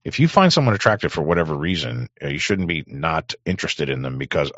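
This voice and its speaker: A man hosting a talk show, rambling in crude, sarcastic casual commentary with a hoarse voice. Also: extremely low pitch, very animated, fast talker, hardly any pauses, a bit bright, dry recording, highs cut off. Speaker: podcast host.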